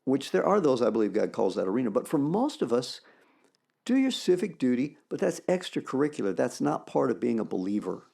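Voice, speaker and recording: A man co-hosting a podcast, talking about faith in an animated, emphatic way and quoting scripture. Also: mid-range voice, a little fast, gravelly. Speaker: podcast co-host. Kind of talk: casual faith discussion.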